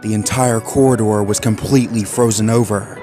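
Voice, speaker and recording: A man reading a horror fan story aloud in a measured, ominous way. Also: on the low side, fairly even intonation, mellow. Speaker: narrator. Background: faint background music.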